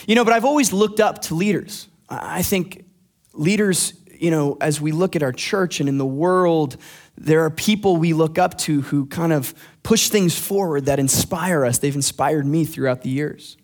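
Man, youth pastor, casual sermon, friendly asides, slightly high voice. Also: moderate pace. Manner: friendly, joking asides to the congregation.

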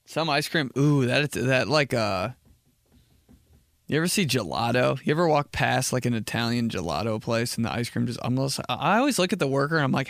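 A man's voice: medium pitch, animated, a little fast, gravelly, fairly bright tone, dry recording, clean studio sound. A young man hosting a casual solo podcast, rambling and joking, saying like a lot. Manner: rambling, jokey, says like a lot. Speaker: podcast host.

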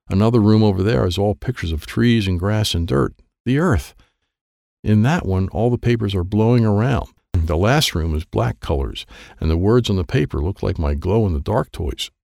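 A man narrating a children's story in an expressive, playful read with sound effects. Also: low-pitched, normal speed, creaky, dry recording, clean studio sound. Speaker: audiobook narrator.

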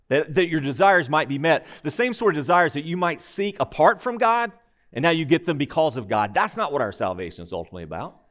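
Man preaching with a lively, higher voice. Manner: emphatic, measured preaching with rhetorical questions. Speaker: pastor. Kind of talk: sermon.

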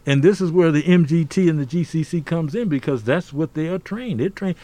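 A man's voice: fairly high pitch, a little fast, warm tone. Emphatic older man, preacherly cadence. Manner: emphatic, preacherly, frequent "see?" asides. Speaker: podcast guest. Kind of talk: conversational interview.

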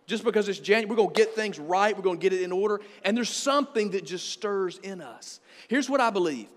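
High-voiced preaching man in a reverberant hall. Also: fast talker. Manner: energetic preaching, quoting scripture with emphasis. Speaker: pastor. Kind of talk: sermon.

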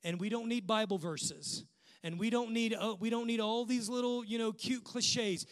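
A male pastor delivers a sermon in a notably high voice. He builds his points through rhythmic, repeated phrases that carry impassioned force. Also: steady tone, normal speed, a bit bright.

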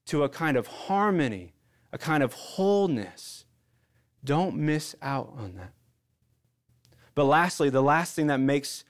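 A male pastor in his thirties delivering a sermon with a slightly higher voice than most men. He talks in an earnest, conversational way, swelling on key phrases and falling to a hush when he makes a point. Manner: earnest, conversational preaching with surges and hushed drops.

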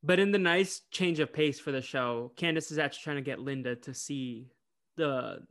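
A man co-hosting a casual podcast, chatty and quick to offer his opinions and small asides. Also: a little high, a bit bright. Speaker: podcast co-host.

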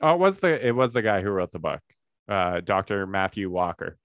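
A man's voice: sits low, very animated, a little fast, dry recording, studio quality. A man co-hosting a podcast, talking casually in a sardonic, profane, rambling way. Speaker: podcast co-host. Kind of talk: casual chat.

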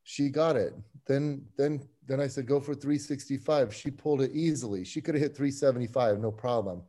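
A man as a podcast guest, telling a story in an animated, excitable way with many restarts. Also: medium pitch, a little fast. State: getting emotional. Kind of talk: casual chat.

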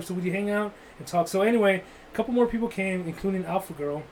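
A man's voice: sits high, fast, darkish tone, a little hiss or hum, poor audio. A man telling a rambling, crude, joking story in casual chat, full of "like" and restarts.

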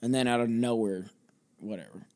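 A man's voice: medium pitch, normal speed, a little mellow. Casting: young guy, sports podcast host, rambling profane rants, mid-range voice. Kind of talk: solo sports podcast rant.

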